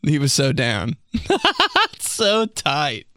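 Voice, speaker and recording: A man's voice: medium pitch, very animated, extremely slow, a bit bright, dry recording. A man hosting a comedy show, reading out listener stories in a casual, joking way. He laughs often and slips into mocking voices.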